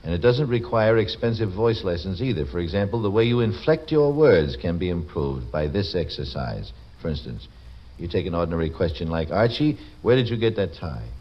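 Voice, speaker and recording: A man's voice: low voice, big pitch swings, fairly quick. A man hosting a radio show, joking wryly and reading letters and ads in folksy patter. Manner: wry, folksy, teasing. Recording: dull old radio broadcast, faint hiss.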